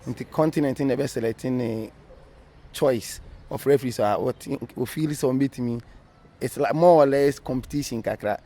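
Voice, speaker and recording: A man's voice: medium pitch, moderate pace, warm tone. A Ghanaian man, a former referee, being interviewed, telling his story animatedly in a casual mix of English and Twi.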